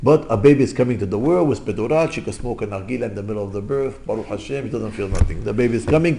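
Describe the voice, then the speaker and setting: Gravelly man preaching in broken English. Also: fairly low pitch, fast talker, warm tone, slight background noise. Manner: emphatic, repetitive, rhetorical questions, broken English. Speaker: religious teacher. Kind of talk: sermon.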